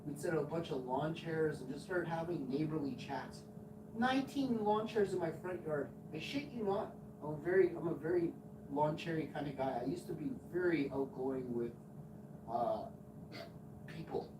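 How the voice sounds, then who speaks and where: A man's voice: a little high, moderate pace. A man in his forties telling crude, rambling stories on a live stream, swearing often. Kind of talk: casual storytelling on a live stream. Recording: echoey room, far from mic, noisy.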